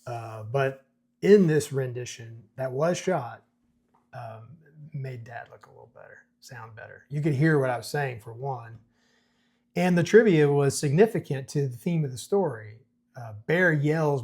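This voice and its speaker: A middle-aged man with a husky, slightly rough voice walks through a script in a relaxed, conversational way. He pauses and restarts often and fills gaps with small words, at an ordinary pitch. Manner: conversational, chuckles, many fillers and restarts. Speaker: host breaking down a screenplay. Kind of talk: casual commentary reading script excerpts.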